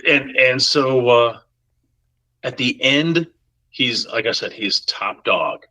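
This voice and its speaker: A man telling a story on a podcast in a casual, animated way, acting out the voices of the people in it. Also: medium pitch, takes it slowly, rough recording. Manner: animated, acts out quoted voices. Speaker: podcast guest.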